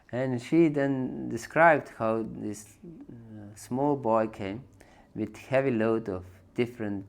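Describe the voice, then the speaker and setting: A man giving a spiritual lecture, telling a scripture story in a halting way with many pauses and fillers, chuckling often. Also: mid-range voice. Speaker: spiritual teacher.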